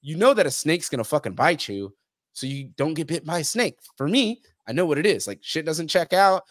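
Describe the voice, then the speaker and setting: Man, young adult, podcast guest, blunt, profane, animated storyteller, dry close sound. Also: fairly high pitch, a little fast, no room sound. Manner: blunt, heavy swearing; animated storytelling, acts out others' lines. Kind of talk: casual interview talk.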